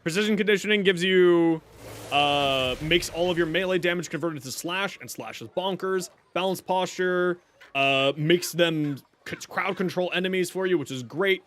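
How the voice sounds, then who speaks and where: A man with a notably high voice chats through a game stream, telling stories and laughing often. He talks casually into a desk microphone, with a faint hum of noise in the background. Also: normal speed, a bit bright. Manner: chatty storyteller who laughs often. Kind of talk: casual gameplay commentary.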